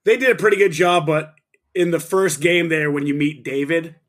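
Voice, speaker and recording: A man co-hosting a casual podcast, swearing freely and talking with excited enthusiasm. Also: fairly high pitch, normal speed. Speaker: podcast co-host.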